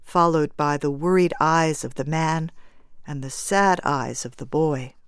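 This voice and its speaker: A woman narrating a story in a measured, even way. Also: low-pitched. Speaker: audiobook narrator. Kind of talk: scripted narration.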